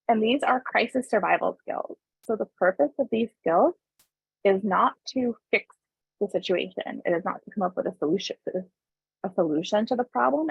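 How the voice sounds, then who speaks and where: A woman giving a parenting webinar in a calm, conversational way, with a gravelly voice full of vocal fry. Her voice is very husky and breathy. It comes over a tinny, dry, phone-like line. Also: medium pitch, dry recording. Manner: conversational, often adds tag questions; calm explaining tone, briefly voices parents and kids. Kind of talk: informal online presentation.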